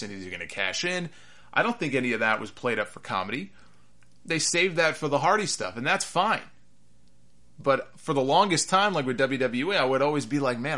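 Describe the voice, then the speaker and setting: A man hosting a casual wrestling review, talking in a chatty, animated way and laughing at the absurd moments. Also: mid-range voice. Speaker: wrestling podcast host.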